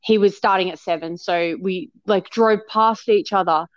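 A woman's voice: mid-range voice, steady tone, moderate pace, no room sound. Woman, podcast co-host, chatty storyteller, dry close sound, slightly dull. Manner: chatty, laughs often while telling a story. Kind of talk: casual chat.

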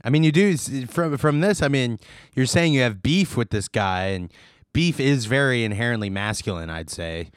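A man's voice: mid-range voice, animated, moderate pace, clean tone, no echo, studio quality. A man co-hosting a podcast, trading wisecracks and playful wordplay in casual chat. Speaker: podcast co-host.

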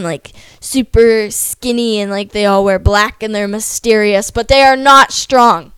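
A young woman chats to her viewers in a loose, rambling vlog, dropping "like" into nearly every sentence and poking fun at herself. Her voice sits a little high and sounds smooth and clean. The recording is dry and close, with no room sound. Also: a bit bright, dry recording. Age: young adult. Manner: rambling, many "like" fillers, self-deprecating asides. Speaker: vlogger. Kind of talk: casual chatty vlog.

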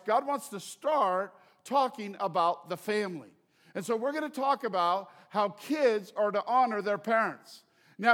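A middle-aged male pastor preaches with a high-pitched voice, mixing jokes and repetition into a conversational sermon. His voice carries a long reverb from a large church auditorium. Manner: joking, conversational preaching with repeated phrases.

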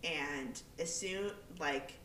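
Echoey, low-pitched young woman telling a story. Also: extremely slow, distant mic, slight background noise. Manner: animated, quotes people in her story, swears freely. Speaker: podcast co-host. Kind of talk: casual storytelling chat. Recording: echoey room, away from the mic.

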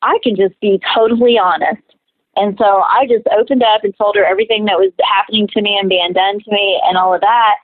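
A woman's voice: medium pitch, fairly even intonation, brisk, no echo. A woman, an interview guest and minister, earnestly telling her own story and acting out the voices of the people in it. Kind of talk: personal testimony in conversation. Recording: tinny phone-like line, dry.

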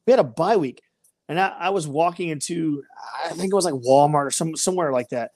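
A woman's voice: low-pitched, fairly quick, dark tone, dry recording, studio quality. A woman co-hosting a casual sports chat, ranting and mocking rival fans. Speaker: podcast co-host.

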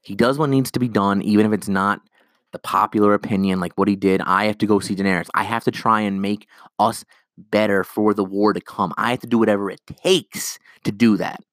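A man hosts his own podcast alone, talking in a loose, rambling rant and slipping into quick impressions of characters. His voice sits on the low side, and the recording is dry and close with no room sound. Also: no echo. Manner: animated, rambling, acts out characters' lines. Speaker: podcast host.

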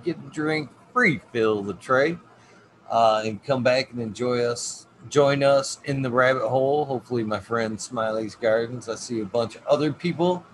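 A man hosting a long livestream show, talking casually, swearing often and chuckling as he signs off. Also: mid-range voice. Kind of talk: casual chat. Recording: noisy background hiss.

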